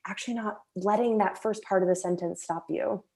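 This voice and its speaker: A woman's voice: mid-range voice, fairly even intonation, fairly quick, gravelly, darkish tone. A young woman as a guest in a casual video-call chat, talking freely with many "like"s and acting out her own inner voice. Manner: chatty, many filler "like"s, acts out her inner voice.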